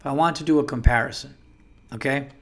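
A man's voice: mid-range voice, quick pace. A man hosting a comedy podcast, telling profane stories and acting out the people in them. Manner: profane, animated, acts out voices in quotes. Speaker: podcast host. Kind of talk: comedic storytelling monologue.

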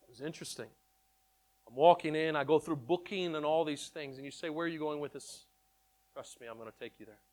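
A man telling his testimony in an animated storytelling way, excitable and repeating words in quick bursts. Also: on the high side. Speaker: speaker sharing his testimony.

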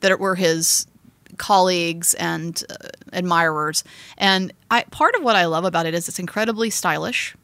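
A woman's voice: on the low side, normal speed, clean tone, dry recording. A woman hosting a film podcast, talking in an emphatic, teasing way during a casual discussion. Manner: emphatic, teasing, animated in arguments.

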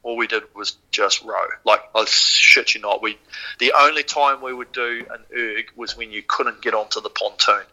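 A man's voice: fairly low pitch, normal speed, rough recording. A man from New Zealand with a New Zealand accent, a podcast guest telling a story casually and swearing freely. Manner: swears freely, animated retelling. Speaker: podcast guest, former rower.

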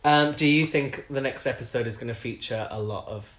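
A man's voice: mid-range voice, fairly quick, a bit bright, slight background noise. A man co-hosting a casual podcast chat, teasing and laughing often. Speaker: podcast co-host. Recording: roomy echo.

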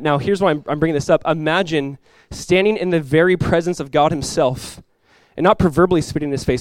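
A young man preaching a sermon as a pastor, telling stories in a casual, animated way with many asides. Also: a little high, no echo.

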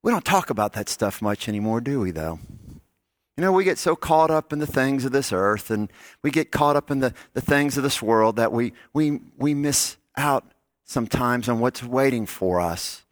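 A man preaching a sermon, telling stories and dropping to soft, low tones on key lines. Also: lively intonation, normal speed, no room sound. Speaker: pastor.

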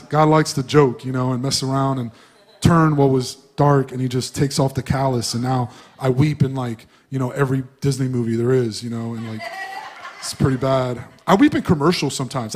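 A man preaching to a church, talking to the congregation casually and shifting between loud emphasis and soft asides. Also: medium pitch. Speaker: pastor. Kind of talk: sermon.

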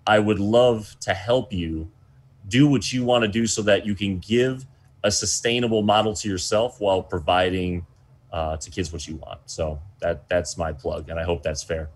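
Guest spot: american man, low deep voice, sincere, a bit worn out from short sleep. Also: steady tone, moderate pace. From United States. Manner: earnest, heartfelt, restarts phrases. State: tired from little sleep. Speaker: volleyball coach, guest. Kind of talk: casual interview talk.

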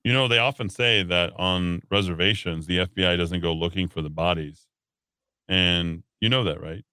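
A man's voice: low-pitched, moderate pace, bright, forceful tone, clear, resonant tone, dry recording, clean studio sound. A man hosting a talk radio show, reading listener texts aloud with sarcastic jokes. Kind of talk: casual radio banter.

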